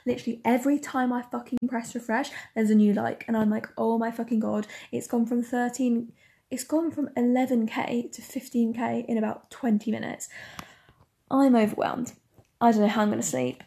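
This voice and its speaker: A young woman in a casual vlog chat at home, excitable and rambling, swearing often. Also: on the high side, normal speed, gravelly. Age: young adult. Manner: chatty, excitable, swears a lot, rambling asides. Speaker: singer-songwriter.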